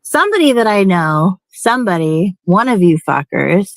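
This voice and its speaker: A woman's voice: medium pitch, big pitch swings, normal speed, no room sound. A young woman hosts a casual chat with a feminine, youthful voice. She rambles from one story to the next and laughs often. The sound is close and dry, with no room in it.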